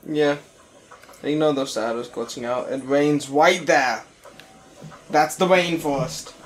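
A man's voice: fairly high pitch, slow pace, slight background noise. A man co-hosting a casual let's play, chatting playfully and pointing out side quests. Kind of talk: casual gameplay commentary.

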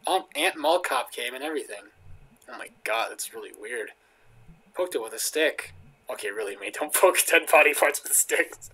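A man's voice: on the high side, animated, moderate pace, pushed and bright, breathy edge. A young man casually commentating as he plays a video game, joking and reading the lines aloud. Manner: jokey, reads in-game lines aloud, chuckles often. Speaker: gaming video host. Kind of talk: casual let's play commentary. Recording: faint game music underneath. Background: faint game music.

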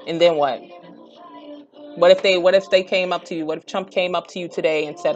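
A young woman speaks in a fairly low voice. She rants bluntly with plenty of profanity and keeps pushing her points harder. Faint music plays behind her. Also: fairly quick, lo-fi sound. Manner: blunt, profane, rising to heated outbursts. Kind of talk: impassioned direct-to-camera rant.

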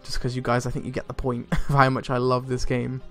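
Excitable young man gaming, swearing freely. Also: mid-range voice, fairly quick. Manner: excitable, swears a lot, laughs often. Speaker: let's play gamer. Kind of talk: casual gameplay commentary. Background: faint game music.

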